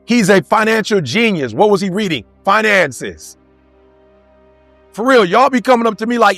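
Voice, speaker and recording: A man's voice: sits high, expressive, moderate pace, fairly bright tone, no room sound, faint music behind. A man giving a motivational talk to a live audience, firing off rhetorical questions in casual street slang. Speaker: motivational speaker.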